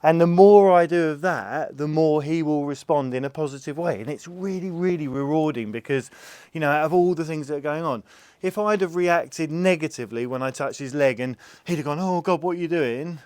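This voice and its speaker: A calm, gentle man explaining how he gets a nervous horse used to having its legs touched, talking patiently as he works. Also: fairly high pitch, brisk, smooth, no echo. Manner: calm, gentle, patient, soothing the animal softly. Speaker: farm animal carer. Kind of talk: explaining while handling a horse.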